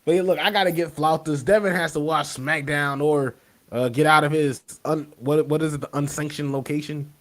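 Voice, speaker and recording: A man's voice: on the high side, fairly even intonation, normal speed, fairly bright tone. A man co-hosting a wrestling podcast in casual, slangy banter, reading out viewer comments. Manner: laid-back slangy banter, reads chat comments. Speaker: podcast co-host.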